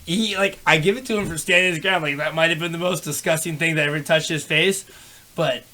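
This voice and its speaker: A man's voice: on the high side, steady tone, fairly quick, sharp tone. A man chatting casually on a podcast, laid-back and profane, calling everyone dude and bro. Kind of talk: crude casual chat.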